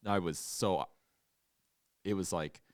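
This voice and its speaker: Lower-voiced young man telling animated stories. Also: takes it slowly, no room sound, studio quality. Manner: animated storytelling, acts out quotes loudly. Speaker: podcast co-host. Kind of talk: casual chat.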